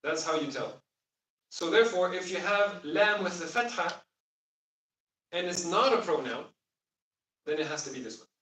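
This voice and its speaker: A man's voice: sits high, expressive, normal speed, pauses often, bright, forceful tone. A man teaching a class on the Arabic of the Quran, explaining patiently and asking the students questions. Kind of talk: classroom lesson. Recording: roomy sound from far off.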